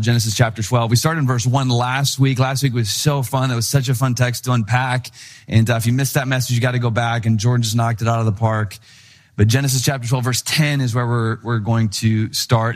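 Young male pastor, storytelling sermon, animated, mid pitch. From Wisconsin. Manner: animated storyteller, acts out voices in anecdotes.

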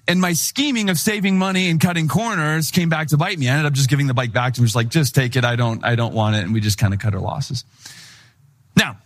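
A young man from Wisconsin, a pastor, giving a sermon that opens with an animated personal story and acts out the voices of the people in it. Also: mid-range voice.

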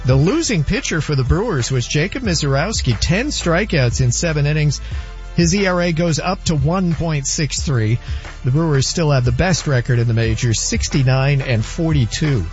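A man giving a brisk, factual sports update on a radio show. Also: on the high side, expressive, muffled recording, faint music behind. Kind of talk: reading sports scores.

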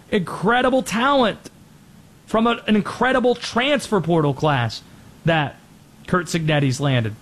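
High-voiced animated sports show man. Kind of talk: sports commentary.

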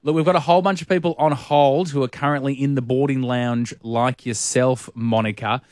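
A man hosting a radio show, joking and laughing a lot with a lively manner. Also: mid-range voice, brisk. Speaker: radio host. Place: radio studio.

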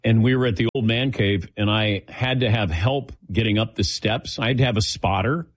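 A middle-aged man with a fairly low voice tells a relaxed personal story as the host. He slips into little impressions of the people he quotes. The sound is dry and close. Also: normal speed, no echo. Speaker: host taking audience questions. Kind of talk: casual storytelling.

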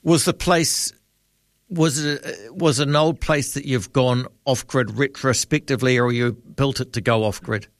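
A man hosting a talkback radio show, chatting in a relaxed, musing way with frequent ums and trailing questions. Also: mid-range voice, unhurried, dry recording, clean studio sound. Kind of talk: late-night talkback radio chat.

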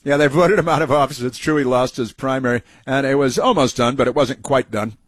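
Guy doing snarky political talk radio, mid pitch, dead dry close mic. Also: fairly quick, no echo. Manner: mocking, sarcastic running commentary. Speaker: radio talk show host. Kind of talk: political commentary over clips.

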